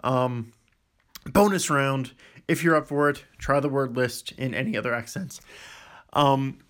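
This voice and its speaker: A man's voice: medium pitch, measured pace, fairly bright tone. A man with a Western Pennsylvania accent reading a word list for an accent challenge vlog, with casual asides between words. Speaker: vlogger.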